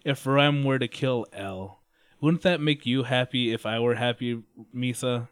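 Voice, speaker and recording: A man's voice: mid-range voice, unhurried, clean tone, no echo, lightly acted. A man voicing a scheming young man who coaxes slyly, in a casual retelling.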